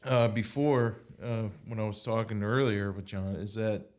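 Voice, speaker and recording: A man hosting a casual podcast, thinking aloud with relaxed hesitations. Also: lowish voice, moderate pace. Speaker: podcast host.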